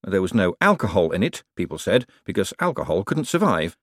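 A man reads a comic fantasy audiobook with wry, expressive storytelling. His voice is on the low side but lively in its pitch. The recording is dry and close, with no room sound. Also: brisk, dry recording. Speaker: audiobook reader. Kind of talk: audiobook narration.

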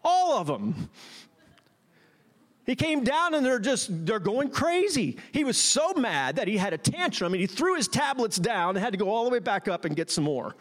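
Lively high-voiced man preaching. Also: moderate pace. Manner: playful, talks straight to the congregation. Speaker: pastor. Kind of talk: sermon.

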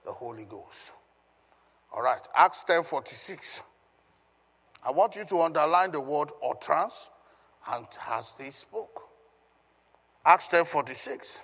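A man's voice: on the high side, expressive, unhurried, vocal fry, pauses often, fairly bright tone, breathy edge. A male pastor giving an emphatic Bible teaching, questioning his congregation as he reads scripture. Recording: long reverb of a hall.

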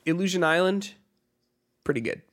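A man's voice: high-pitched, animated, moderate pace. A man co-hosting a gaming podcast, chatting casually and rambling with lots of "like" fillers. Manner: rambling, heavy use of "like" fillers. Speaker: podcast co-host. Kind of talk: casual chat about video games.

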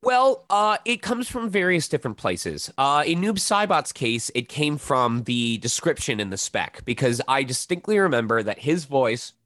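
Animated man explaining voice acting. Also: mid-range voice, moderate pace, hardly any pauses, no room sound, clean studio sound. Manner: animated, demonstrates voices mid-sentence. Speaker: voice actor guest. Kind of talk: casual interview talk.

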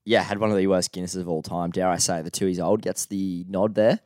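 A man's voice: low-pitched, steady tone, brisk, darkish tone, clean tone, dry recording, studio quality. A young man with an Australian accent, co-hosting a podcast in a loose, rambling way with lots of fillers. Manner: laid-back, rambling with fillers. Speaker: podcast co-host. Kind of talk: casual chat.

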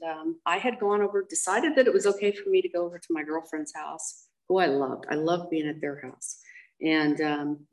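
An older woman with a gravelly, fried edge to her voice and a lowish pitch. She is blunt and candid, telling her life story in an interview, dotted with ums and acted-out quotes. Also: poor audio.

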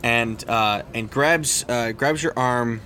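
A man's voice: medium pitch, takes it slowly, sharp tone. A man narrating a tabletop role-playing game as game master, rambling with many fillers and restarts.

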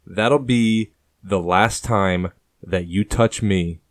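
Man voicing a fierce young warrior, aggressive, slow menacing delivery, storybook. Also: low voice, no echo.

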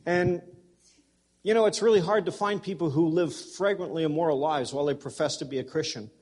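Husky-voiced man preaching a sermon. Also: on the high side, fairly quick, a little mellow. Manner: conversational preaching with folksy humor; addresses congregation members directly. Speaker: pastor.

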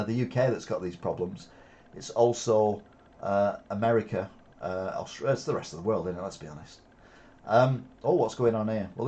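A man's voice: fairly low pitch, warm tone. A man with a Wigan accent hosting an alternative news show, reading headlines and adding sarcastic asides with frequent fillers. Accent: Wigan, Lancashire. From Wigan, England. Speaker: news commentary host. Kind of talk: reading headlines with off-the-cuff commentary.

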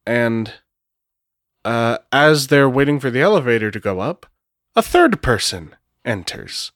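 Casual, swearing game-master narrator. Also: male voice, medium pitch, very animated, normal speed, a bit bright, dry recording, studio quality. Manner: casual, swearing, thinking aloud. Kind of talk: narrating a solo tabletop role-playing game.

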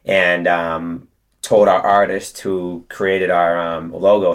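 A young man talks casually in an interview, his voice sitting very low. He rambles through his story with plenty of "um" and "you know". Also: level tone, takes it slowly. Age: 20s. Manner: chatty, storytelling with many fillers. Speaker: guest, detailing business co-owner.

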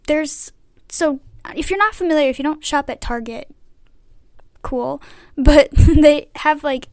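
A young woman with a high voice hosts a casual podcast chat, rambling and leaning heavily on "like" and "I don't know." There's no room sound.

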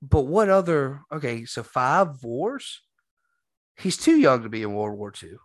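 Animated man telling a story. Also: medium pitch, measured pace, no echo. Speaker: podcast host. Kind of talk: casual storytelling chat.

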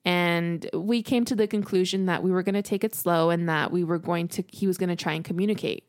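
A woman's voice: fairly low pitch, brisk, no echo, studio quality. Young woman telling a podcast story. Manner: animated, exasperated storytelling with frequent swearing. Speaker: podcast co-host.

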